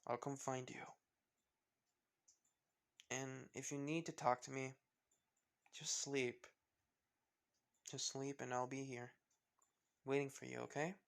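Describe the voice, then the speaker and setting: A man voicing a kind, protective teenage boy hero who speaks in soft, quiet reassurance. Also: medium pitch, flat delivery, takes it slowly, vocal fry, pauses often, clean tone. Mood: tender.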